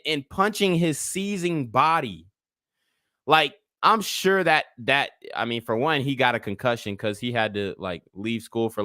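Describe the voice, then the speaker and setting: A man's voice: on the high side, pushed and bright, no echo, clean studio sound. A man in his twenties giving casual livestream commentary, a blunt and profane rambling storyteller.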